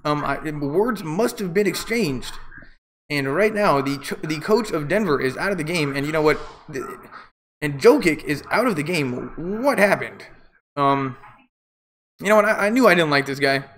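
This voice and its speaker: A man's voice: a little high, animated, normal speed, a bit bright, slight background noise. A man doing casual live play-by-play commentary, rambling and opinionated with jokey asides.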